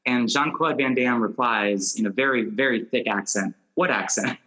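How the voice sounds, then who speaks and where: A man's voice: medium pitch, moderate pace, sharp tone, poor audio. A man hosting a casual movie podcast, asking long rambling questions and laughing often. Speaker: podcast host.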